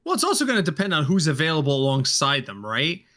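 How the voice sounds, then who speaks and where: A man hosting a casual sports podcast, steering the talk with questions in an animated way. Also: fairly high pitch, quick pace. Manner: animated, leads the discussion with questions. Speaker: podcast host. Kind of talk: casual fantasy football chat.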